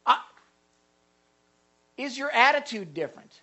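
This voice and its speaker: Husky, animated male preacher. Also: extremely high pitch, measured pace. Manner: animated preaching with repeated words and asides. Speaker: pastor. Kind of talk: sermon.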